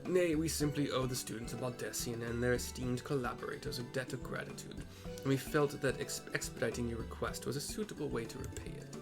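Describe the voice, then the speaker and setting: A man's voice: mid-range voice, steady tone, music in the background, lightly acted. A man reading a formal courteous scholar. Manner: formal, measured.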